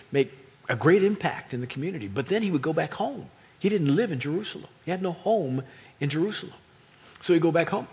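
Dynamic male preacher with a lifted pitch. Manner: dynamic, swings from quiet to loud, acts out crowd voices. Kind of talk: sermon.

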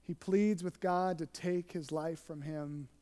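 A pastor preaching an earnest sermon, shifting between emphatic and hushed delivery. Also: medium pitch, fairly even intonation, measured pace, big-room sound.

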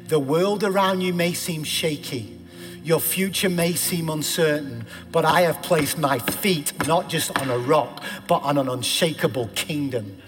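A man's voice: fairly high pitch, animated, unhurried. Male pastor preaching in a reverberant church. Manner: emphatic preaching that swings from loud declarations to hushed pleas. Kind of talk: sermon. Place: church sanctuary. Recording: long hall reverb with faint music.

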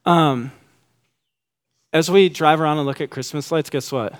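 Preaching at a normal speed, this male pastor in his thirties is animated throughout. When he performs quotations, his voice rises high with excitement.

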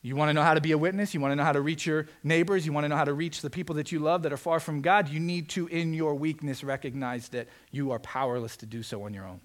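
A man delivering a sermon from the stage, his voice sitting a little higher than most men's. He talks conversationally and animatedly, slipping into little acted-out quotes and asides as he preaches. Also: fast talker, hardly any pauses. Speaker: pastor.

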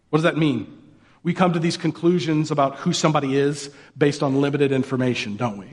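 Conversational male pastor preaching. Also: fairly high pitch. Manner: conversational, rhetorical questions, mocking put-on voices for quotes. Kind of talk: sermon.

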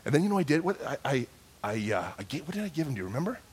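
A man's voice: mid-range voice, very animated, very fast, slightly rough. A man preaching a sermon, telling a story in a conversational style, with frequent restarts. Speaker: pastor.

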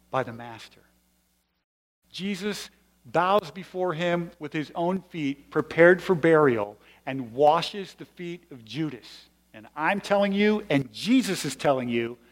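A male pastor giving a sermon in a conversational, explanatory way with emphatic stresses. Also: high-pitched. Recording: long hall reverb.

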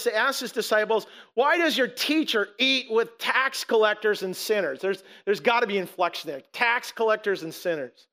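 A pastor in his forties preaches to his congregation in a church. His voice sits high and sounds bright and forceful. He speaks earnestly, repeating and restarting phrases and slowing down to stress key words. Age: 40s. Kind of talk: sermon. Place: church sanctuary with rows of seats.

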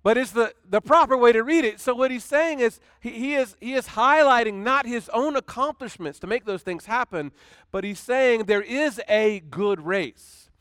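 A man pastor preaching a conversational sermon in a high, clear, resonant voice. He restarts phrases often and recites scripture with dramatic weight. The recording is dry, with no room sound. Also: lively intonation, normal speed, a bit bright, dry recording.

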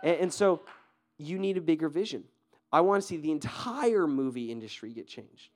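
Man, pastor, sermon, fairly high voice, energetic, conversational, restarts a lot. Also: moderate pace. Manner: energetic, conversational, asks the audience questions; fillers and repeated restarts.

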